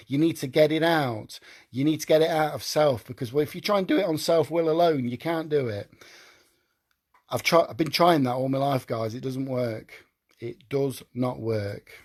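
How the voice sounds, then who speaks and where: A man's voice: fairly high pitch, darkish tone. A man hosting his own live stream, talking earnestly and emotionally, often repeating himself as he pleads with viewers.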